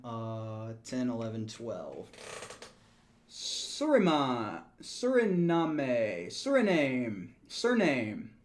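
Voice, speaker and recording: A man streaming a strategy game, joking with chat, laughing often and counting numbers aloud. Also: mid-range voice. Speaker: gaming streamer. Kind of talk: casual live-stream chat.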